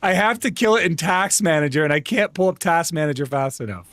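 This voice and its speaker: A man streaming a game live, talking to his chat in a casual, exasperated rant and yelling when things go wrong. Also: a little high, expressive, fairly quick, a little hiss or hum. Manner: exasperated, ranting, yelling in frustration. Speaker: vtuber streamer.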